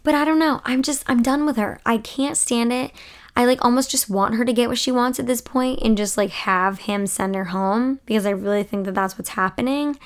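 A woman's voice: fairly high pitch, normal speed. A young woman hosting a casual podcast, chatting in a gushing, opinionated, sassy way, sleepy and yawning late at night. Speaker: podcast host.

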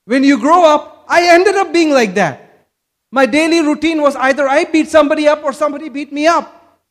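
A man's voice: extremely high pitch, normal speed, fairly bright tone. A man from Kerala, India, preaching a sermon and asking the congregation questions. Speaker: pastor.

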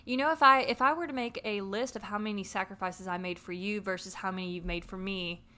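A woman telling a personal story in a casual podcast chat, animated and swearing freely. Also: mid-range voice, brisk.

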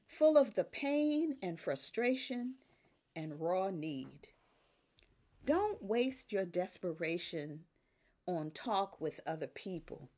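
An older woman preaching a sermon, emphatic, with rises on key words and soft drops at the ends of phrases. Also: medium pitch.

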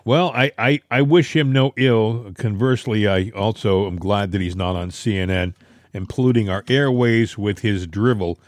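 A man's voice: fairly low pitch, steady tone, normal speed, dry recording, clean studio sound. A man co-hosting a casual political talk show, telling stories in an emphatic, opinionated way. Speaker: podcast co-host.

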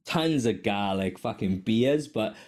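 A man's voice: fairly low pitch, slow pace. Swearing, laughing male podcast host. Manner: animated storytelling, heavy swearing, frequent laughter. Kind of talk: casual chat.

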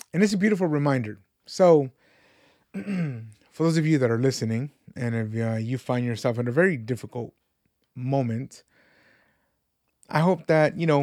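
A man in his thirties hosts a podcast, his medium-pitched voice creaky and slightly mellow, recorded with studio quality and no room sound. He reflects casually and earnestly on faith and life, rambling and repeating words while searching for the right ones.

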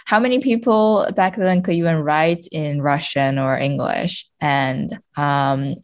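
A woman's voice: low voice, steady tone, slow pace. A woman from China, a guest on a podcast, talking casually with lots of fillers and restarts. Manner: chatty, many fillers and restarts, laughs often.

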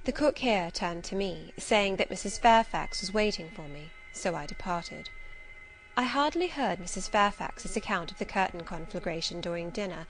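A woman narrating a classic novel in a clear, measured, expressive reading. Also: on the low side, faint music behind, poor audio. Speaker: audiobook narrator.

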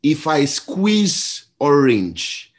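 A man with a Nigerian accent preaching a sermon as a pastor. He tells stories and acts out the voices in them, moving between quiet and loud. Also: fairly high pitch, big pitch swings, extremely slow. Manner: storytelling, acts out voices in a story, shifts between soft and loud.

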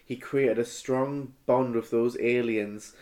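Male podcast co-host, comic fan-fiction reader, mid-pitched, half-hearted voices. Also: steady tone, slow pace, a little mellow. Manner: reads aloud, half-hearted character voices, laughs often. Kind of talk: comedic reading with banter.

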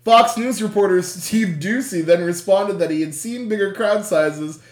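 A quiz host in casual chat, reading questions aloud, laughing often, swearing and reacting with loud dismay. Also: mid-range voice, moderate pace. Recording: roomy echo.

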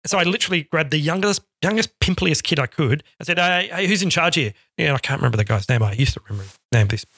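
Fast-talking, bright-voiced man telling stories. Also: fairly high pitch, vocal fry, slightly rough, dry recording, studio quality. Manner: animated, acts out quotes in storytelling. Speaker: interview guest. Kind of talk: casual storytelling.

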